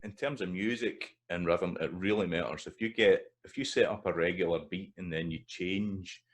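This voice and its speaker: A Scottish man explaining pronunciation in a video lesson, pausing with fillers and repeating example words slowly. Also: sits low. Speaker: language teacher.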